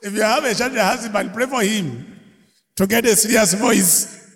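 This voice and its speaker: A man's voice: high voice, moderate pace, fairly bright tone. A man preaching a sermon, laughing often and calling out questions to his congregation. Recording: long hall reverb.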